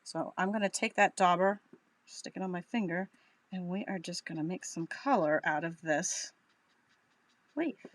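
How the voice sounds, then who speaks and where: A woman's voice: fairly low pitch, moderate pace, no echo. A woman with a Boston accent giving a chatty, upbeat live crafting tutorial, thinking aloud as she works. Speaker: craft demonstrator.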